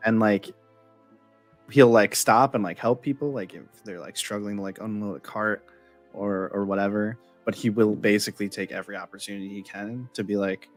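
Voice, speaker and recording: A man's voice: on the low side, fairly even intonation, moderate pace, soft background music. A young man playing a tabletop game, rambling casually with lots of "like" while describing his character. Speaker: player. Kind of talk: casual tabletop play chat.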